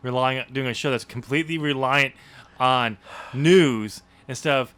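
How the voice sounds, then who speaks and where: Man co-host, dry humor, bright clear tone, casual podcast chat. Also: mid-range voice, a little slow. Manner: dry, laughs often, steers the talk.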